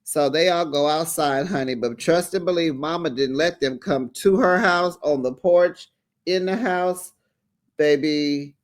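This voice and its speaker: A man hosting a casual recap of a reality show, sassy and animated, with lots of "honey" and "child". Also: fairly high pitch, unhurried. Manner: acts out the quotes in put-on voices.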